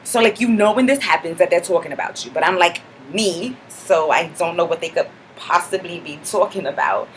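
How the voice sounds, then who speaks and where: This woman speaks in a lowish, natural voice, a little fast and with few pauses, over slight background noise. For a character comedy vlog, she plays a cocky young clubgoer whose mock-indignant chatter leans on "like" in every sentence.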